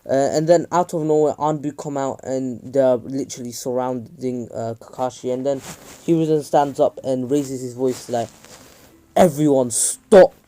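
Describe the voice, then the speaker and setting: A young man narrating a fan story off the cuff, halting and full of restarts. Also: mid-range voice, fairly even intonation, mellow. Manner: halting, many fillers and restarts.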